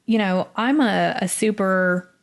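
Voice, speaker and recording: A middle-aged woman from Dallas, Texas, telling her story as a podcast guest, animated and acting out the people she quotes. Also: medium pitch, unhurried, vocal fry. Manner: animated, acts out quoted voices. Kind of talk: casual storytelling interview.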